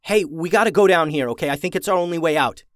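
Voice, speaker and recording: Man doing a young boy, frantic, urgent, hushed, high pitch, storybook reading, dry sound. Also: quick pace, no echo, lightly acted.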